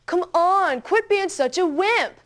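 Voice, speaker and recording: A woman's voice: fairly high pitch, lively intonation, normal speed, natural voice. A woman doing a cocky teenage big brother. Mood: taunting. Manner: smug, teasing. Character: cocky seventeen-year-old boy, show-off big brother.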